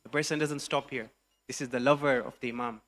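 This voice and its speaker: A man's voice: mid-range voice, steady tone, fairly quick, a bit bright. A man preacher telling a story in a sermon, mixing English narration with recited Arabic phrases. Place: mosque hall.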